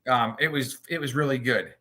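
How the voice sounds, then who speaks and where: A man's voice: medium pitch, a little fast, bright, forceful tone. A man co-hosting a podcast in casual chat, telling crude, joking stories. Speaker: podcast co-host.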